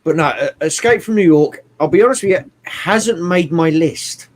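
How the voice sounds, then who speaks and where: A man chatting casually about films, animated and swearing often, with bursts of mimicry. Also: a little high, normal speed. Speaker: podcast co-host. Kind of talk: casual movie chat.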